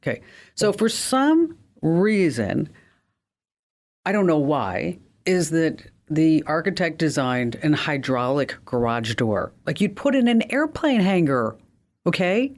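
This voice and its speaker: A woman hosting a tech call-in radio show, animated and jokey, with a slight New Jersey accent. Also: slow. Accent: semi-New Jersey. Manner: animated, jokey, big pitch swings. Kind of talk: lively call-in radio chat.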